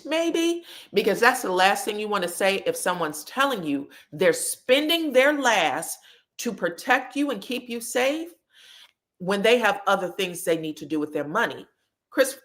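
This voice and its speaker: Sassy, animated woman recapping gossip. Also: mid-range voice. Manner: animated, sassy, profane storytelling. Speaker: host. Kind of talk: reality TV recap commentary.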